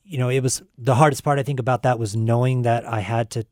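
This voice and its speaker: An earnest young man talks on a live call-in show, stopping often with fillers as he gathers his thoughts. His voice sits at a middling pitch. The sound is dry and close. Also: fairly even intonation, a little mellow, no echo. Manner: earnest, halting with many fillers. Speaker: guest musician. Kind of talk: casual live radio talk.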